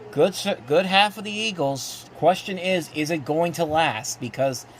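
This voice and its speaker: A man hosting a live rewatch, giving excitable play-by-play commentary with frequent restarts. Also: fairly high pitch, measured pace, soft background music. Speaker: host live-reacting to a football game. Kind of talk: casual live sports commentary.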